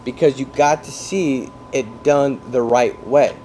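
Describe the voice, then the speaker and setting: A man coaching salespeople in an energetic talk, explaining through football comparisons and often checking that his listeners follow. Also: mid-range voice, slow pace, slight background noise. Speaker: sales trainer.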